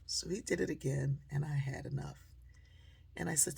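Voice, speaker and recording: Storytelling speaker, woman, gravelly and husky, animated, acts out dialogue. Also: low-pitched, brisk. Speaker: motivational speaker. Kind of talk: storytelling talk.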